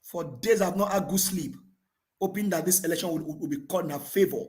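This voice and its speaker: A man's voice: high voice, fast. A man in his thirties with a Nigerian accent, calling in with fervent, repetitive political commentary. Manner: fervent, repetitive, rising to shouts. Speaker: caller.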